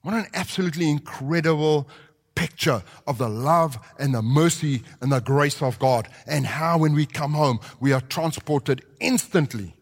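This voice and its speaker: Recorded with the long reverb of what sounds like a church sanctuary, a preacher with a high voice tells his sermon story vividly at a moderate pace. He performs every character's lines himself.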